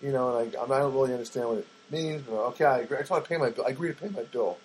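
A man's voice: mid-range voice, rapid-fire, a little mellow, slight background noise, low-quality recording. A man telling a long wry anecdote to his listeners, chatty and full of asides and fillers. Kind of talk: rambling anecdotal storytelling.

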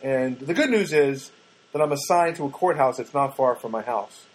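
A man's voice: medium pitch, animated, moderate pace, slightly rough, low-quality recording. A man talking to camera in a casual, rambling monologue, full of restarts and wry asides. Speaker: vlogger.

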